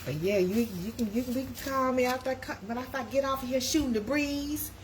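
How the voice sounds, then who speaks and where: A woman's voice: sits high, fast, noisy background. A middle-aged woman hosting a casual live stream from her home kitchen, rambling and chatting to her viewers.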